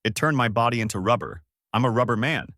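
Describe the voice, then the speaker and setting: A man's voice: medium pitch, fast, pushed and bright, dry recording, clean studio sound, close to an everyday voice. A man voicing a goofy, carefree young male pirate captain.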